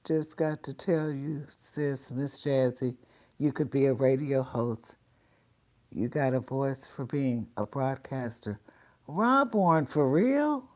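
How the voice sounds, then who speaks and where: Slow and a little mellow, this woman's bass voice carries her casual livestream. She greets viewers by name and chats with them freely, though her sinuses are congested and it shows in her voice.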